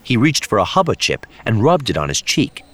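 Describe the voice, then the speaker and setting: A man narrating an audiobook in a measured, expressive way. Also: fairly low pitch. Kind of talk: scripted narration.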